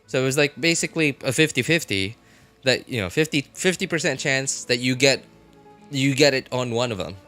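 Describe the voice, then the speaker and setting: A man's voice: medium pitch, brisk, bright, forceful tone. Chatty male game streamer. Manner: chatty, laughing, talks to chat. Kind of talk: casual live-stream chat. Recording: faint music behind.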